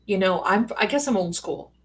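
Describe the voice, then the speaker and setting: A woman's voice: medium pitch, big pitch swings, moderate pace, slightly rough. A woman hosting a live stream in casual chat, a chatty, rambling storyteller with playful asides who calls her viewers pet names.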